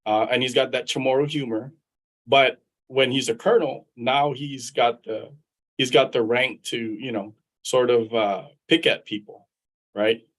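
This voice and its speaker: A man's voice: mid-range voice, steady tone, unhurried, low-quality recording. A middle-aged man from Guam, an attorney and veteran, telling personal stories in a conversational way over a video call. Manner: conversational, repeats words while thinking. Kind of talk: storytelling in a live interview.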